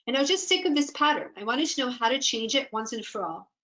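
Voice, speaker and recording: A woman coach leads a webinar, speaking in a fairly high voice that is earnest and encouraging. She often voices listeners' inner doubts aloud, as if quoting them, over a video call. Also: sing-song, quick pace, a bit bright, poor audio. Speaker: business and life coach. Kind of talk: webinar workshop presentation.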